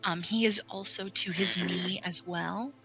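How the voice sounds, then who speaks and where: A man's voice: high voice, fairly even intonation, measured pace, music in the background, rough recording. A man narrating a tabletop game as dungeon master, hesitant, with many fillers.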